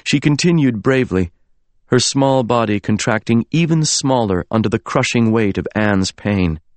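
A man narrating a novel in the first person, measured and earnest. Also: medium pitch, lively intonation, dry recording. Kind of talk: scripted audiobook narration.

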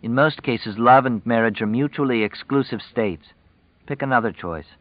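A man voicing a sharp-tongued young pregnant woman, cool and sarcastic in her replies. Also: mid-range voice, moderate pace, no room sound, muffled recording, pitched above the performer's own voice, lightly acted. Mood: firm.

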